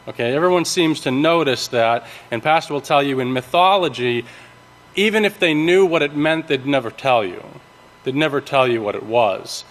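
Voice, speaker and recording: A man giving a sermon, teaching from scripture in a halting way with many ums, restarts and checks of "okay?". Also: mid-range voice, fairly bright tone. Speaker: preacher. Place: large worship hall. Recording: long reverb of a large hall.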